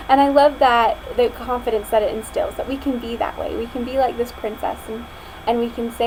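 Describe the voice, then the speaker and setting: A woman's voice: on the high side, normal speed, noisy background. A young woman reading a picture book aloud as a student, telling it expressively and then chatting casually about it. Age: young adult. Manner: expressive storytelling, chatty afterward. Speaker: student reader.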